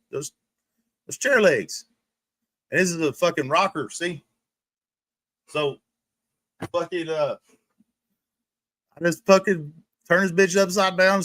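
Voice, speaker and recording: Recorded with no room sound, a man with a slightly high, fairly bright voice streams from a rolling recliner indoors. His stream is a profane, mocking rant aimed at someone, with plenty of laughter.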